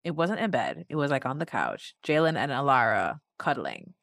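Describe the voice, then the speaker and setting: A woman's voice: very deep voice, huge pitch swings, moderate pace, fairly bright tone, no room sound, studio quality. A woman co-hosting a podcast, talking bluntly and emphatically, with frequent swearing, as she recaps a reality show. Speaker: podcast co-host.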